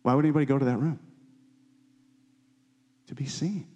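A man preaching a sermon with fervent emphasis, climbing high on key lines and dropping low and quiet on others. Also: fairly even intonation, moderate pace, dull audio. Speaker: pastor.

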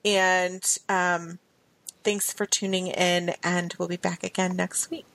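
A woman co-hosting a podcast in casual chat, chatty and quick to laugh. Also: on the low side, little pitch movement, creaky, a bit bright. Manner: chatty, laughs often, trails off. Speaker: podcast co-host.

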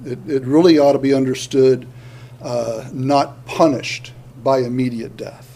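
A man's voice: medium pitch, fairly even intonation, measured pace, warm tone. A male pastor preaching a sermon, earnest, often restarting words and building to emphatic points.

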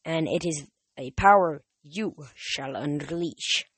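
A reader voicing a gloating villainous male monster with a French accent, slow and sneering, in a dry recording. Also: on the high side, fairly bright tone, slightly rough, no room sound, full character voice.

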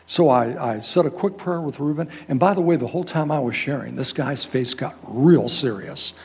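An older man, a guest pastor, telling a story in a sermon in a folksy, animated way, acting out the people in it. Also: medium pitch, normal speed, gravelly, husky. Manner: animated, folksy, quotes people in raised voices.

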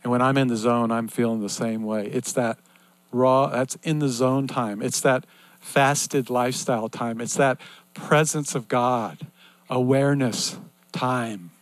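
An older man preaching a sermon in an earnest, repetitive cadence that swings between loud and hushed. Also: mid-range voice, steady tone, a little slow, no room sound.

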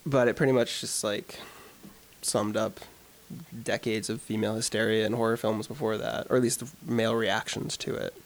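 A man's voice: fairly low pitch, little pitch movement, normal speed, vocal fry. A man co-hosting a podcast, talking earnestly about films and often stopping to search for words. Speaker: podcast co-host. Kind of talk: casual film discussion.

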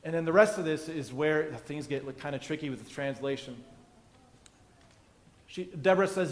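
A man's voice: a little high, moderate pace, pauses often, long reverb tail. A male pastor preaching a conversational sermon, acting out the biblical characters' dialogue as he explains the passage.

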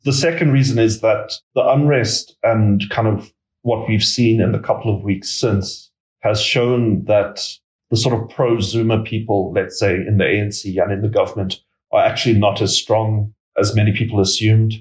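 A man giving measured expert commentary as an interview guest, hedging his points with many filler words. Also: fairly low pitch, fairly even intonation, reverberant, poor audio. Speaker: political risk analyst guest.

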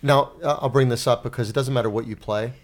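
A man co-hosting a casual roundtable podcast, animated as he leads the discussion and asks questions. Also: medium pitch, quick pace. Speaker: podcast co-host.

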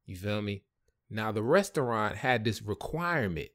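A man hosting a podcast, telling a story in a casual, animated way with lots of slang and swearing. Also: on the low side, normal speed. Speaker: podcast host.

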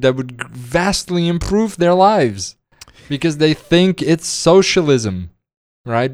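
Brief: male co-host, sarcastic, stop-start delivery, mid-pitched, dry close mic. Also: darkish tone, no room sound. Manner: sarcastic, halting with restarts, laughs often. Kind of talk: casual political chat.

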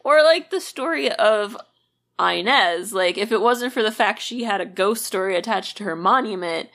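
A woman's voice: medium pitch, expressive, moderate pace, a bit bright. A woman co-hosting a podcast, casually recounting a true crime ghost story with lots of fillers. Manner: conversational storytelling with many fillers and "like". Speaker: podcast co-host.

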